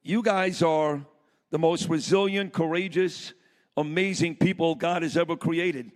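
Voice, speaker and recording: Fired-up high-voiced man in a reverberant hall. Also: steady tone, unhurried. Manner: blunt, fired-up, plainspoken. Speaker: summit speaker. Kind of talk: impassioned speech to a live audience. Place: conference hall with audience. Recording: long reverb of a large hall.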